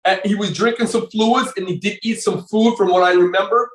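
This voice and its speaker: An older man recounting old times as a podcast guest, his voice sitting a little higher than most men's. He rambles, circles back and restarts his sentences often. He sounds set back from the microphone in a roomy, echoing space. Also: fairly even intonation, a little fast, distant mic. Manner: rambling, with many fillers and restarts. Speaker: podcast guest, former bodybuilder. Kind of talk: casual storytelling interview.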